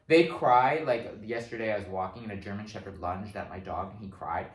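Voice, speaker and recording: A man co-hosting a casual chat, opinionated and profane, telling stories with lively swings into loud quoted voices. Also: lowish voice, brisk, echoey room, rough recording. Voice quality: animated, swings into loud mock voices when quoting. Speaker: podcast co-host.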